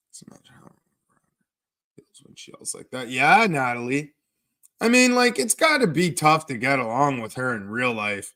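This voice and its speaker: Slow, sarcastic man streaming. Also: a little high, lively intonation, sharp tone. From Canada. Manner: sarcastic, crude, slow drawl. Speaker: livestreamer. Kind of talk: profane livestream banter reading chat.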